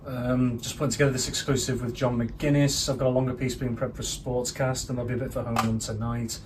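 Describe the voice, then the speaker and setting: A man reels off his busy workload at a brisk clip, a little away from the microphone. A clear layer of room noise sits behind him. It is a comic mockumentary delivery. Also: mid-range voice, little pitch movement, recorded from a distance. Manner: rapid, self-important rundown. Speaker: news reporter character in a mockumentary. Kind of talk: comedic scripted mockumentary.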